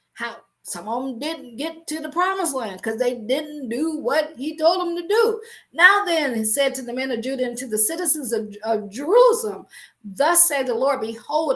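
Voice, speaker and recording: A middle-aged woman teaching business from the Bible, emphatic and animated, often restarting her sentences. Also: sits high. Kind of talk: faith-based business teaching.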